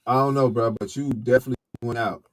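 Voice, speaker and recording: A man's voice: medium pitch, steady tone, fast, low-quality recording. A man co-hosting a casual talk show, playful and joking with the audience.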